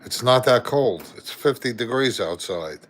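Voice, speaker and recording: A man's voice: mid-range voice, expressive, measured pace, fairly bright tone, slight background noise. An older man co-hosting a casual livestream, joking and teasing in easy chat. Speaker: co-host.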